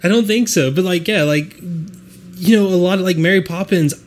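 A man from the United States in a casual chat, animated and laughing, acting out quotes as he talks. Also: high-pitched, normal speed, a little hiss or hum.

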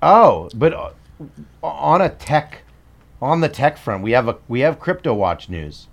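A man's voice: medium pitch, big pitch swings, unhurried, creaky. A man co-hosting a podcast in casual chat, making blunt, dismissive remarks and moving the show through its segments. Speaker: podcast co-host.

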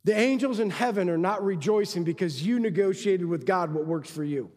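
A man preaching a sermon as pastor, emphatic, swinging from loud exhortation to quiet asides. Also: sits high, fairly quick, long reverb tail.

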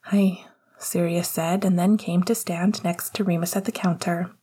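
A woman reading a story aloud in a soft, slow, hushed whispered narration. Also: fairly low pitch, steady tone, slightly rough. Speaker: audiobook reader.

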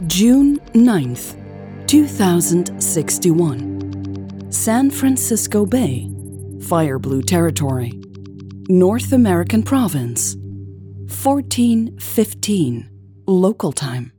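A woman host narrating a scripted audiobook in a calm, measured way. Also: on the low side, over music.

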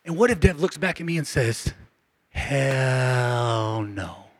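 A male pastor preaching a passionate sermon to his congregation, calling for responses and swinging between shouts and hushed lines, his voice going hoarse. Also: a little high, lively intonation, fast talker, dry recording. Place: church sanctuary.

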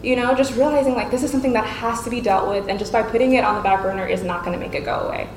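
A woman's voice: on the high side, steady tone, rapid-fire. Earnest woman speaking in an echoey room. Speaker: panel speaker. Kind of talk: reflective talk to an audience. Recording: echoey room with faint noise.

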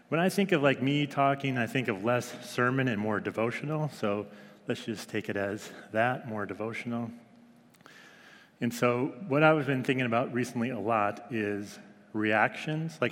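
A man in his thirties talks through a devotional in a loose, chatty way, full of likes and ums. He speaks at a middle pitch. His voice carries a long reverb, as if recorded in a large hall. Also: normal speed, a bit bright. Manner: chatty, many fillers, mimics his toddler's voice. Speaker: small group devotional leader. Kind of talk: casual devotional talk.

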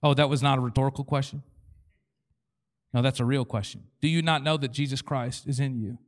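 A man's voice: medium pitch, steady tone, fairly quick. A man preaching a sermon as pastor, joking and acting out imagined prayers and God's replies. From Canada. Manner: humorous, acts out prayers and replies in quoted voices.

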